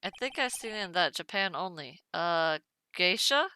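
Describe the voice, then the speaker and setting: A woman's voice: lowish voice, animated, moderate pace, sharp tone, smooth, no room sound. A woman streamer giving casual, chatty let's-play commentary. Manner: chatty and amused.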